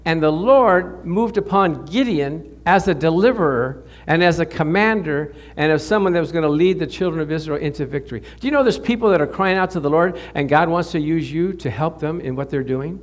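A man's voice: on the high side, brisk, few pauses. A man preaching a sermon, telling Bible stories and his own experiences, laughing often and repeating words as he goes. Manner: storytelling, animated, rises sharply when quoting prayers. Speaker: pastor.

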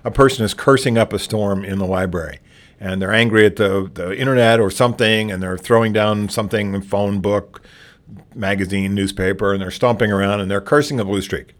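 Man, low voice, relaxed trainer delivering a practical workshop talk, plainspoken with frequent restarts. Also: a little fast. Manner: plainspoken, restarts often and acts out sample dialogue. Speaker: trainer on patron de-escalation.

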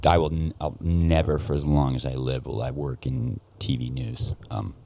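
Very deep-voiced man, profane and heated. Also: flat delivery, warm tone. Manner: profane, heated, halting with many restarts. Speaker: guest, former news cameraman. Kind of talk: casual podcast storytelling.

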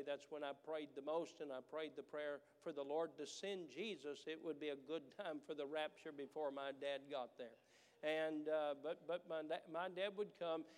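High-voiced pastor in a reverberant hall. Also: male voice, darkish tone. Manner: preaching, building to emphatic, repeated declarations. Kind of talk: sermon. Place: church sanctuary.

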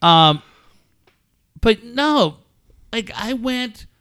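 A man's voice: very high voice, animated, very slow, a bit bright, clear, resonant tone, no echo. A middle-aged man co-hosting a casual podcast, swearing freely and riffing jokes. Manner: profane, joking, riffing. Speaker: co-host.

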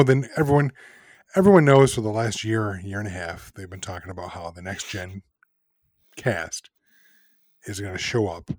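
A man co-hosting a casual podcast, speaking at an ordinary middle pitch. He is sarcastic and laughs and swears freely as he critiques. The sound is dry and close. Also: no echo. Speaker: podcast co-host.

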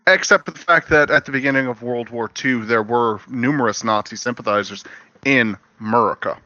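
A man's voice: medium pitch, brisk, sharp tone, no room sound, dull audio. A man in casual chat, making dry, brief remarks.

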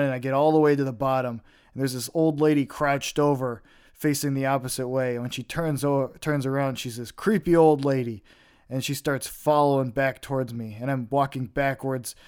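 A young man tells stories on his podcast in a loose, rambling monologue, dropping casual swears as he goes. His voice sits a little high and sounds smooth and clear. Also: darkish tone. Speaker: podcast host.

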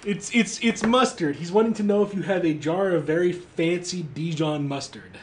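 A man's voice: high-pitched, normal speed, slight background noise. A man co-hosting a podcast, explaining things in a wry, casual, swearing style. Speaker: podcast co-host. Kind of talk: casual chat.

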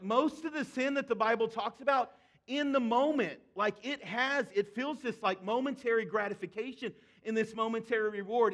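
A man's voice: high-pitched, a bit bright. A man preaching a sermon as pastor, talking to his congregation in a conversational, earnest way and sometimes voicing pleading prayers.

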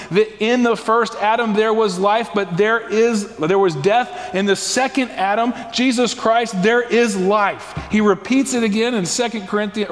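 High-pitched guy preaching, asks the room questions, big hall reverb. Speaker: pastor. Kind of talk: sermon.

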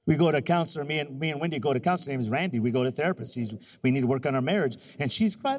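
Man, 50s, pastor; lively sermon delivery, breathy tenor edge. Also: fairly high pitch, racing, hardly any pauses, in a large hall. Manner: animated, joking preacher who acts out little scenes.

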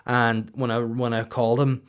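A man's voice: medium pitch, flat delivery, measured pace. A young man, hosting a comedy podcast in a rambling, crude monologue and slipping into silly put-on voices. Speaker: podcast host.

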